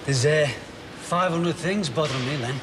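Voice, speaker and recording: An actor playing a harried, defensive shop steward with a curt manner. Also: male voice, a little high, normal speed, close to an everyday voice. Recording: TV drama with clear background noise.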